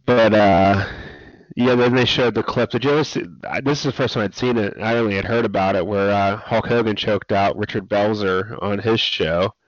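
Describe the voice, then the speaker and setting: Male co-host, low voice, easygoing storyteller; lo-fi dry recording. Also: moderate pace, no echo. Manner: relaxed storytelling, laughs often. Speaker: podcast co-host. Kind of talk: casual wrestling chat. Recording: dry, dull lo-fi sound.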